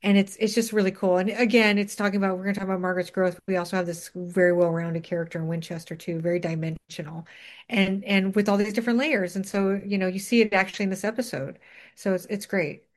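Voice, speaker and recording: A woman's voice: medium pitch, steady tone, fast. A woman co-hosting a podcast, chatting enthusiastically about a TV episode. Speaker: podcast co-host. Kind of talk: casual chat recapping a TV episode.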